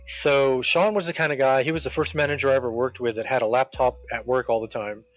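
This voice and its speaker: A man casually telling a workplace story while streaming a game, quoting people with animated voices. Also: medium pitch, fast talker. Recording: dull lo-fi with game music.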